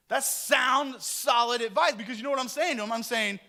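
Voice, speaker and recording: A middle-aged man preaching a lively, joking sermon to his congregation in a church. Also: very high voice, brisk, gravelly, few pauses. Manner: animated, joking and talking with the congregation. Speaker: pastor. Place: church sanctuary.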